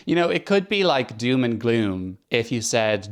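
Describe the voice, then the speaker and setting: A man's voice: mid-range voice, lively intonation, a little slow, hardly any pauses. A man hosting a commentary vlog, talking in a sarcastic, chatty and mocking way. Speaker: host.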